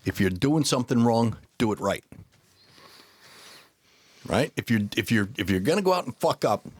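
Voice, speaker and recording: A man's voice: mid-range voice, very animated, normal speed. A man co-hosting a podcast, throwing in wisecracks during casual chat. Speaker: podcast co-host.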